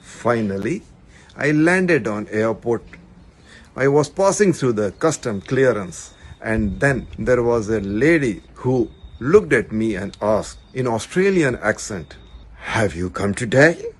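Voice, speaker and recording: A man's voice: mid-range voice, lively intonation, slow, poor audio. An older man from India, reading a travel anecdote about visiting his grandchildren. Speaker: listener telling a travel story.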